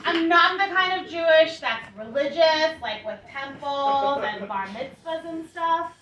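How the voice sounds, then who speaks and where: A woman's voice: high voice, animated, unhurried, fairly bright tone, slight background noise. A woman in her thirties performing a stand-up comedy set with wry, self-deprecating storytelling. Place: comedy club stage before a laughing crowd. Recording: echoey club recording from a distance, crowd laughter.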